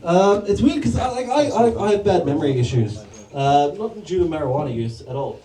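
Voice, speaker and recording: A man's voice: high-pitched, lively intonation, brisk, mellow. A man doing stand-up crowd work as MC in a comedy club, rambling and self-deprecating, laughing at his own jokes. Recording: echoey club from a distance, noisy.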